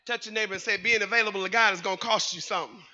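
A male pastor preaching fervently to his congregation, calling for responses and building to shouts with sing-song phrasing. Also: sits high, fairly even intonation, racing, lo-fi sound. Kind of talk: preaching a sermon with call and response. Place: church sanctuary.

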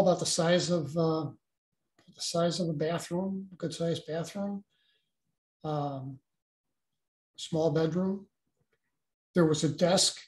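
Halting older man in a roomy echo. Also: on the high side, darkish tone. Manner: halting, many restarts. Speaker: guest. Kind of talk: recounting a personal experience.

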